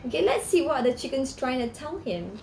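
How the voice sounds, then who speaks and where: A woman reading a picture book aloud to children, animated and asking her listeners questions. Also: high-pitched, fairly quick, creaky, roomy sound, slight background noise. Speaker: storyteller for children.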